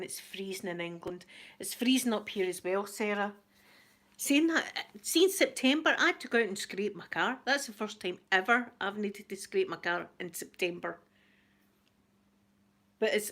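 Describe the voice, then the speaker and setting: Chatty Scottish woman host, middle-aged, easygoing live-stream banter, mid-pitched. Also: fairly bright tone. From Scotland. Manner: chatty, greets viewers by name, laughs often. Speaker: YouTube channel host. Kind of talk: casual live-stream chat.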